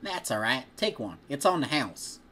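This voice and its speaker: A man's voice: medium pitch, big pitch swings, normal speed, sharp tone, slight background noise. A man voicing a friendly young woman who sells apples at a farm stall, reading from a storybook. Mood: friendly teasing. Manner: raised, perky delivery without the intended twang.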